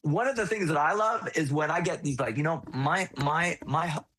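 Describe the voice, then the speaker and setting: Chatty american guy, excited, swears a lot and trips over his words a bit, casual interview talk. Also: fairly high pitch, moderate pace. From United States. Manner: animated, swears freely, many restarts. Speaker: guest musician. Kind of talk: casual podcast chat.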